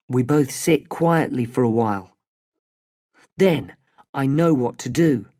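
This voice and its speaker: A storybook narrator reading at a slow, deliberate pace, each sentence clear and separate. The pitch sits in the middle range with a steady delivery. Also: dry recording, studio quality. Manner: slow, clear, evenly paced.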